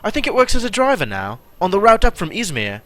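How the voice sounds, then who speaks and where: A man putting on a gruff Yorkshire workwoman. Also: high-pitched, huge pitch swings, quick pace, a bit bright, pitched above the performer's own voice, exaggerated voice. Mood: cheerful. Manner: grumbling, brusque. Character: gruff grumbling female artificer, Yorkshire working woman.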